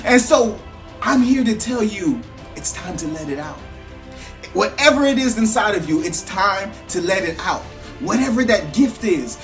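A parent giving an earnest motivational talk, repeating phrases with a preaching cadence and telling a story to make a point. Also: medium pitch. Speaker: motivational speaker.

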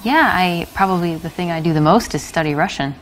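A woman's voice: fairly low pitch, brisk, slight background noise, close to an everyday voice, poor audio. An actress playing a young woman chatting casually on a date in a live-action dating game, with short, offhand answers.

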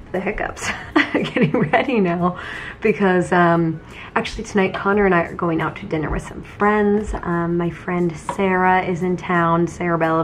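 A woman's voice: fairly low pitch, slight background noise. Tired, chatty young woman vlogging. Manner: chatty, lots of "like" and "um". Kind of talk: casual vlog chat.

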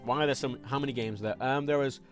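A man's voice: mid-range voice, steady tone, fast, soft background music. A man streaming live gameplay, rambling frankly and swearing as he reads chat and plays. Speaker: livestreamer.

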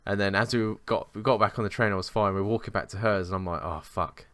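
Bright, crisp young man, spinning sweary yarns. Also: fairly low pitch, steady tone, quick pace, no room sound. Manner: rambling, sweary, self-mocking anecdotes. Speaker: podcast co-host. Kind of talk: casual chat, storytelling.

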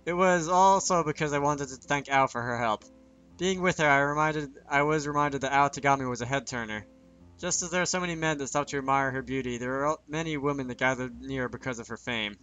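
A man's voice: mid-range voice, brisk, pushed and bright, soft background music. A man reading a visual novel aloud in first person, dropping joking asides between lines.

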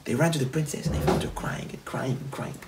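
A man, a rabbi, retelling a parable in a sermon, animated and repetitive. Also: mid-range voice, quick pace, background noise. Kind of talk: sermon storytelling.

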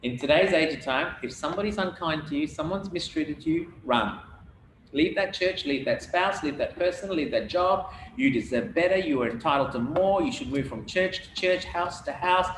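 A man's voice: fairly high pitch, moderate pace, fairly bright tone. A man with an Australian accent preaching a sermon as pastor, emphatic and acting out Bible dialogue, recorded in an echoey church hall. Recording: echoey hall, faint room noise.

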